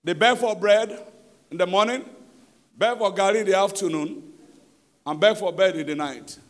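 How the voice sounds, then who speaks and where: Preaching with emphasis at a church service, this Nigerian-accented pastor puts questions to the congregation and moves between loud shouts and softer moments. He has a high voice and keeps a moderate pace.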